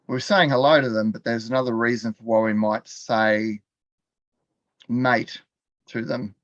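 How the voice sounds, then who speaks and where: A man's voice: medium pitch, fairly even intonation, measured pace, dry recording, highs cut off. An Australian man teaching a live online class from his computer. He talks in a chatty way, laughs often and quizzes the viewers in the chat. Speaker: continuing education teacher.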